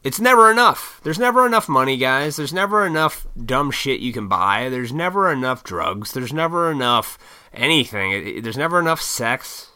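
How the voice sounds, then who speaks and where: A man from Illinois ranting in a casual solo monologue, blunt and profane, with mocking high-pitched put-on voices. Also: lively intonation, normal speed, sharp tone, smooth. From Illinois, USA. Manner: works in restaurants.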